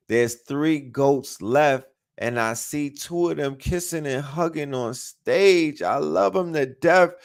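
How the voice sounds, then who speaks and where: A man giving an excitable live reaction to a new rap track, repeating lyrics and bursting out in slangy commentary. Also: a little high, creaky. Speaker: music reaction streamer.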